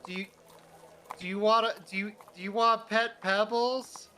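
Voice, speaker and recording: A man voicing a tearful, excited little boy. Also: sits high, moderate pace, slight background noise, voice pushed up. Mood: shy.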